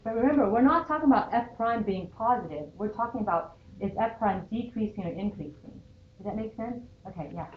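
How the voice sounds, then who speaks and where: A woman's voice: fairly high pitch, expressive, brisk. A woman math teacher lecturing a class and checking in often with "okay?". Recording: dull lo-fi sound in an echoey classroom with faint noise.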